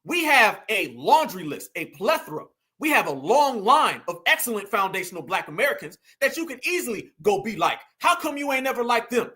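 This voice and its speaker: A man's voice: high voice, very animated, brisk, hardly any pauses, pushed and bright. A man giving emphatic online commentary, fired up and firing rhetorical questions at his audience.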